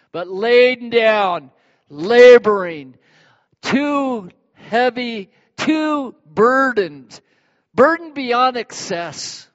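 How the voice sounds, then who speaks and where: A male pastor preaching a sermon in a lively, animated way, acting out everyday examples. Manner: animated, acts out examples with sudden high bursts. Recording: dull sound with long hall reverb.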